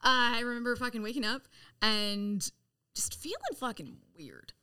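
A woman's voice: a little high, moderate pace, smooth. A woman guest on a podcast telling her story in casual, profane speech, acting out quoted lines. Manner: animated, profane, acts out quotes.

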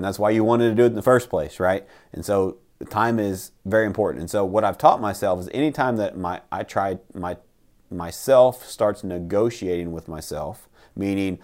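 A man's voice: sits low, normal speed, a little mellow. A man hosting a casual motivational talk, emphatic and blunt, who swears and keeps asking "right?".

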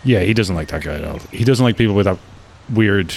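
A man's voice: fairly low pitch, expressive, fast, gravelly, darkish tone, a little hiss or hum. A man playing a tabletop game, with dry jokes in casual chat. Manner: dry, joking. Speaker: player.

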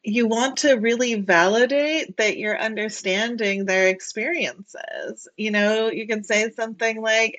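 A woman's voice: fairly high pitch, measured pace, fairly bright tone. A woman being interviewed as an engineering leader, answering freely with lots of "like" and "right?" fillers over a remote call. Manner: talks freely, frequent "like" and "right?".

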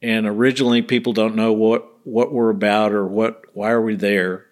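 A man's voice: fairly low pitch, flat delivery, moderate pace. A middle-aged man, a bereaved father telling earnest stories in a casual interview and acting out the people he quotes. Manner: earnest, acts out quoted voices.

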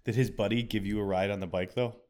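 A man's voice: on the low side, fairly even intonation, quick pace, darkish tone. A man in casual chat, chiming in with short joking remarks.

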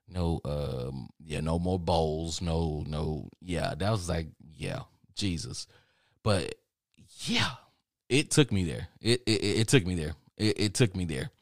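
A man's voice: low voice, dry recording, clean studio sound. A young man casually telling a long personal story, rambling and profane, laughing at himself as he goes. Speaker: podcast host.

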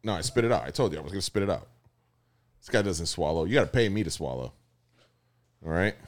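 A man co-hosting a podcast in loose, crude banter. His pitch swings widely as he talks. He laughs often and rambles through fillers. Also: animated, fast talker.

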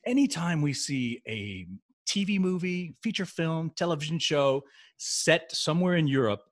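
Animated male podcast co-host. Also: a little high, moderate pace. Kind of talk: casual chat.

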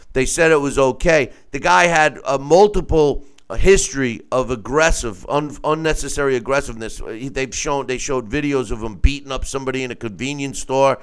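A man's voice: medium pitch, clean tone. A man calling in, talking casually in a rambling way, with many repeated words and false starts, acting out quotes as he tells a story. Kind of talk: casual call-in chat.

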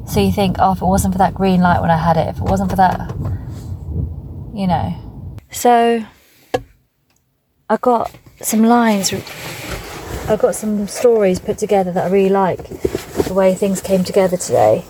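A woman's voice: medium pitch, moderate pace, long pauses. A woman of thirty-eight, a stand-up comedian talking in a chatty, self-mocking vlog style. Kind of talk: casual vlog-style monologue. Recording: noisy background.

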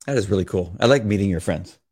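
A middle-aged man co-hosting a faith podcast, asking gentle, hesitant questions with many fillers. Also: deep voice, fast talker, husky. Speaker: podcast co-host. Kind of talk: casual conversation.

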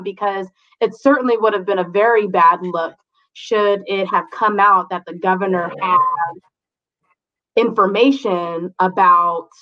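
A woman giving measured, reasoned opinions on politics as a podcast co-host. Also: medium pitch. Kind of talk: casual political commentary. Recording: dull lo-fi sound.

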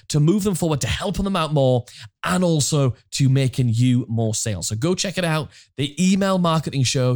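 A man co-hosting a marketing podcast, talking in a casual, jokey way and often repeating words as he gets going. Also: medium pitch. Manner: animated, jokey, repeats words when starting. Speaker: podcast co-host.

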